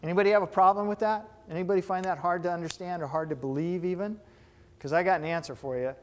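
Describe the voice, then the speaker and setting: A man's voice: high-pitched, fairly even intonation, quick pace, slight background noise. A man giving a classroom lecture on hypnotherapy, talking conversationally and checking in with his students with questions.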